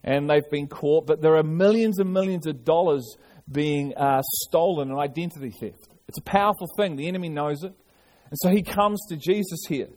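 A man's voice: fairly high pitch, moderate pace, darkish tone. A man preaching a sermon, earnest, often restarting and repeating his words. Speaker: pastor.

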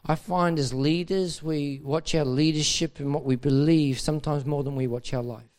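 Male preacher, high voice, fervent and repetitive, sermon delivery. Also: fairly even intonation, normal speed, darkish tone. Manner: impassioned, repeats phrases, rises to urgent emphasis. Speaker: pastor. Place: dinner event hall.

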